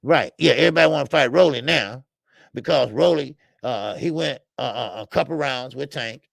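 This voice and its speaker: A man's voice: mid-range voice, normal speed, creaky, dry recording, studio quality. A man hosting a live boxing talk show, speaking casually with lots of slang and filler words and greeting chat viewers by name. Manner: animated and emphatic, street slang, many fillers.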